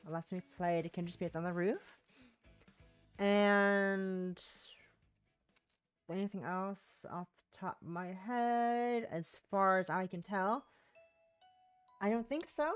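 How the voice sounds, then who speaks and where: A woman's voice: mid-range voice, unhurried, faint music behind. A woman with a sore throat, streaming a game from home and chatting casually in a rambling, self-interrupting way. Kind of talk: casual gameplay chat.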